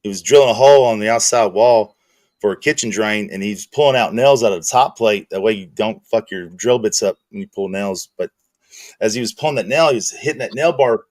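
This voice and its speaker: A man's voice: fairly low pitch, fairly quick, darkish tone, no echo. A middle-aged man telling rambling, profane work stories in casual chat as a stream host. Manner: rambling, profane, laid-back.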